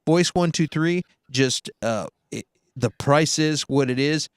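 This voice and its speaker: A man's voice: fairly high pitch, slow, no room sound, clean studio sound. A man who works as a voice actor, chatting casually and telling stories with lots of restarts. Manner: rambling storyteller, many restarts, slips into voices. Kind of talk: casual chat.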